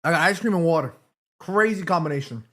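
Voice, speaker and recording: A man's voice: fairly high pitch, quick pace, a bit bright. A man hosting a casual watchalong stream from his room, chatting and reading out messages, with a sore throat. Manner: chatty, reads chat messages aloud, eats between lines. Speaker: livestream host. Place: home room.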